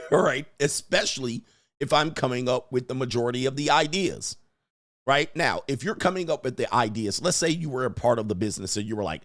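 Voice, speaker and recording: A man's voice: mid-range voice, no room sound, clean studio sound. A man hosting a livestream, talking bluntly and crudely about business partners and laughing at his own jokes. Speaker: livestream host. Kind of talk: casual livestream rant.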